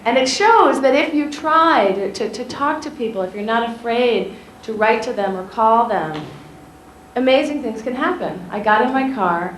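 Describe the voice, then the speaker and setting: A woman journalist telling schoolchildren a personal story in an animated way, often asking them questions directly. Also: a little high, normal speed. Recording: echoey room, faint ambient noise.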